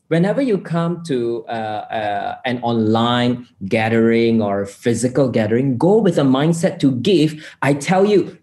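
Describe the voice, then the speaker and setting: Brief: male pastor, earnest storytelling sermon, mid-pitched, echoey room. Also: darkish tone. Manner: earnest storytelling, repeats words. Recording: roomy echo.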